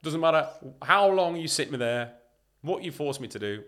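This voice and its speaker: A man talking as a guest on a podcast interview, emphatic and animated, acting out what other people say as he makes his points. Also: on the high side, moderate pace. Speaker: podcast guest, leadership consultant.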